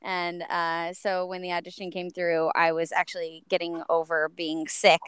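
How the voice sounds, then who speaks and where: An upbeat woman talks as a guest on a live stream about her voice work, loose and chatty, with plenty of ums. Her voice is very smooth and clean, sitting a touch low. The sound is dry and close. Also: completely flat delivery, fairly bright tone, no room sound. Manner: upbeat, chatty, fills pauses with um and uh. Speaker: voice actress guest. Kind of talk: casual live-stream chat.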